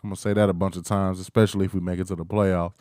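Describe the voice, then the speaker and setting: A man's voice: deep voice, little pitch movement, rapid-fire, a little mellow, dry recording, clean studio sound. A young man hosting a casual solo sports talk, hyped and playful, trash-talking rivals and breaking into chants. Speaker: podcast host.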